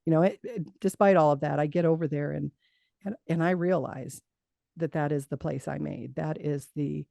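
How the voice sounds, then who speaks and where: A middle-aged woman telling a personal story in an interview, lively and acting out what others said, with frequent laughs. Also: low voice, vocal fry, no echo. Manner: animated storytelling, acts out quoted voices, laughs often. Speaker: guest.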